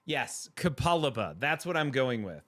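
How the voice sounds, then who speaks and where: A man's voice: a little high, expressive, unhurried, a bit bright. Playful, chatty streamer man. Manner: chatty, playful, laughs often. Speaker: livestream host reading chat. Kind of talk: casual chat.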